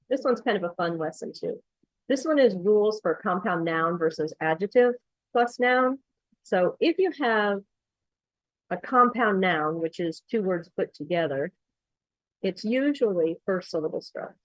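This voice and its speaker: A woman's voice: lowish voice, no room sound, low-quality recording. A woman accent coach walking through her course materials, explaining steadily with frequent ums. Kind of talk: screen-share tutorial walkthrough.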